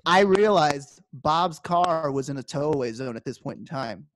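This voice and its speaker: A man's voice: a little high, normal speed, a bit bright, no room sound. A man co-hosting a podcast, telling a story in a casual way and acting out quoted dialogue with animation. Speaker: podcast co-host.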